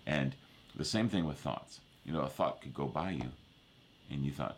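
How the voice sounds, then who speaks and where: A man's voice: very deep voice, moderate pace, a little hiss or hum. A man preaching a sermon in a loose, conversational way, with frequent restarts and asides to the congregation. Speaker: pastor.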